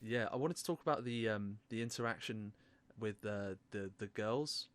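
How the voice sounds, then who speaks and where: A man co-hosting a podcast, talking about a film in a relaxed, hesitant way. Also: fairly low pitch, moderate pace, no echo. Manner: relaxed, hesitant, says "like" often. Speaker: podcast co-host. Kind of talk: casual film discussion.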